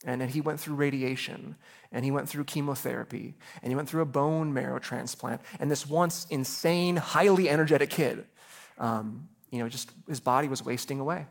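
A man's voice: medium pitch, moderate pace, gravelly. A man in his thirties preaching a sermon as a pastor, earnest and personal, often repeating words as he starts a phrase. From Chicago area.

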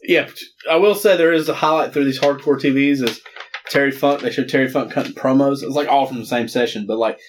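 A man's voice: mid-range voice, brisk, a little hiss or hum. A man co-hosting a casual podcast, ranting with heavy swearing and crude mockery. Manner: profane ranting with crude mocking impressions. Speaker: podcast co-host.

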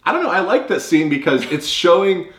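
A man's voice: high-pitched, big pitch swings, a little fast. A man co-hosting a podcast, casually chatting about a movie and rambling as he retells its scenes. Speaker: podcast co-host. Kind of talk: casual movie-review chat. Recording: roomy echo.

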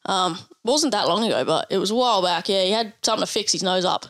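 A woman's voice: mid-range voice, quick pace, fairly bright tone. A woman co-hosting a casual chat, swearing freely and squeamish. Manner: swears a lot, squeamish, laughing. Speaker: podcast co-host.

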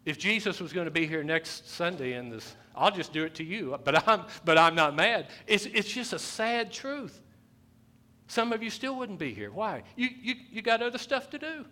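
A male pastor preaching a sermon, repeating his phrases and rising to loud, emphatic bursts. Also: high-pitched, very animated, moderate pace. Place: church sanctuary.

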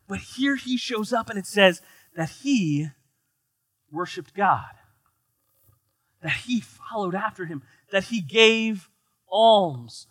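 Male pastor from the United States, high, bright voice, animated and joking, dry close sound. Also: unhurried, no room sound. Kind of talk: sermon.

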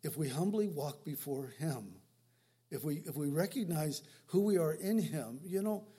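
A man with a high, husky voice preaching a sermon. He talks in a loose, conversational way, repeating words and restarting his sentences. He moves between louder emphasis and quiet asides. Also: lively intonation, moderate pace. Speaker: pastor.

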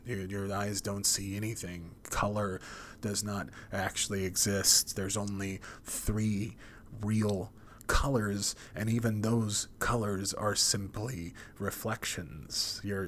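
Rambling, profane podcast host. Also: male voice, lowish voice, a little hiss or hum. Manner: rambling, profane, restarts a lot. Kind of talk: casual monologue.

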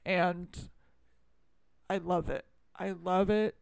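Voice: medium pitch, fairly even intonation, slow, vocal fry, clean tone, dry recording. A podcast co-host in casual movie-review chat who rambles, runs themselves down and swears freely.

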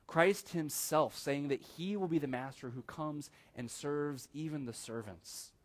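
A man preaching a sermon as pastor, earnest, slowing down on key phrases and calling the listeners friends. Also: mid-range voice.

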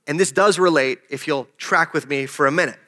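A man's voice: fairly high pitch, a little fast, sharp tone. A man preaching a sermon, telling a personal story in a conversational way and joking with the congregation. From desert region. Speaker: pastor.

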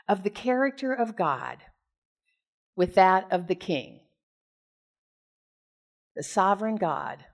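A woman preacher from the United States reads a Bible passage aloud, retelling parts of it in casual storytelling asides, then preaches on it and puts questions to the congregation. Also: medium pitch. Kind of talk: scripture reading and sermon.

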